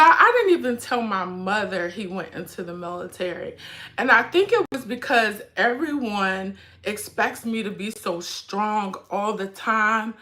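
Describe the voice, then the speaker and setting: A middle-aged woman talks straight to her livestream viewers in a casual, heartfelt way. Her voice is bright and carries well. She is pushing through tears as she speaks. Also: a little high. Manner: fighting back tears, chatty and direct with viewers. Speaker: livestream host and mother. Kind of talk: emotional casual livestream chat.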